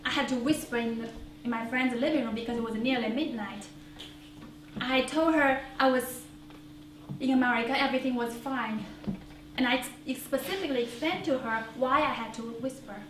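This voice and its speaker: A woman from China performing a one-woman theater monologue, earnest and reflective with pauses. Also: fairly high pitch. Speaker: solo stage performer. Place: small theater stage before an audience. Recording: roomy theater, distant mic, faint hiss.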